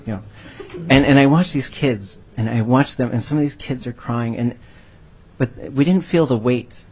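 A man's voice: mid-range voice, normal speed, darkish tone, a little hiss or hum. A man answering a panel question by telling an earnest, heartfelt story about his work as a language educator.

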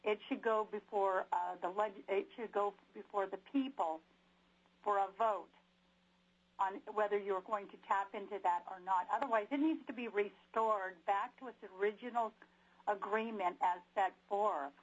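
A woman from Alaska calling in to testify, halting with fillers but insistent. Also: medium pitch, husky. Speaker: caller testifying. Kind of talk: public testimony by phone. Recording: muffled phone line.

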